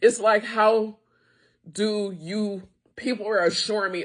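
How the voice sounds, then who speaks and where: Frustrated American woman, small-business owner, bright tense voice, raw vlog rant. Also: medium pitch, fairly even intonation, slow. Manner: upset, frustrated, venting with profanity. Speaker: wine tasting room owner. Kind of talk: emotional direct-to-camera rant.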